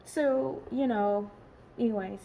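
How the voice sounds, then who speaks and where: A woman in her late forties talking in a personal vlog, tired and emotional, rambling and halting with many pauses and restarts. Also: a little high, vocal fry, warm tone, slight background noise, low-quality recording. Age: late 40s. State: tired and emotional, has been crying. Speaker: vlogger.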